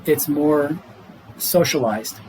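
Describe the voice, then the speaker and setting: A man's voice: on the high side, slow, darkish tone, a little hiss or hum, poor audio. A middle-aged man, a doctor guest on a podcast, explaining health matters in an earnest, casual way and laughing easily.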